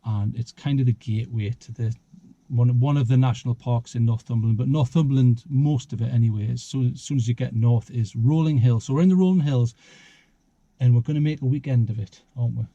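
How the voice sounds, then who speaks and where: A man's voice: mid-range voice, fairly quick, warm tone, no echo, lo-fi sound. Joking man outdoors. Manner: joking, rambling, chuckles often. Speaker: vlog host. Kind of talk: casual outdoor chat. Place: outdoors in a small town street.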